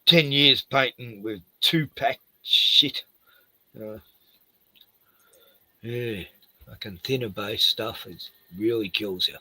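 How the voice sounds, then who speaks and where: A man's voice: on the low side, slow pace, long pauses, pushed and bright, breathy edge, no room sound, rough recording. An older man, a retired house painter, rambling and swearing through a casual chat with lots of "you know".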